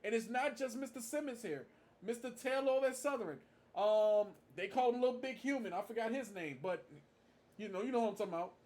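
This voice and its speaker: A man's voice: very high voice, a little fast, a little mellow, slight background noise. A man giving a casual tribute monologue, stressing his points by repeating them. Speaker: marching band fan vlogger.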